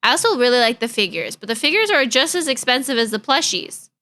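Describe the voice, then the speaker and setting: A woman's voice: fairly high pitch, very animated, fast, bright, forceful tone. A young woman streaming live, chatting casually in a bubbly, giggly, easily distracted way.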